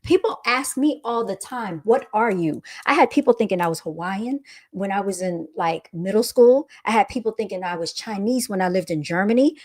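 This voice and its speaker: A young woman hosting a casual livestream, reading viewer comments aloud and answering them with amused, laughing retorts. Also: medium pitch. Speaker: livestream host reading chat.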